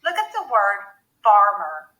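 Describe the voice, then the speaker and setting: Slow-spoken woman teaching phonics. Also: medium pitch, wildly swooping pitch, pushed and bright, rough recording. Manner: slow, clear, deliberate teacher talk. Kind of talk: phonics lesson for children.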